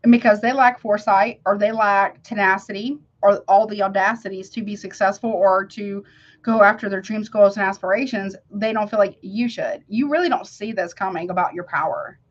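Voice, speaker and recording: A woman's voice: mid-range voice, normal speed, highs cut off. A woman giving a casual tarot reading, emphatic and slangy, who keeps checking "you see what I'm saying?". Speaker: tarot reader.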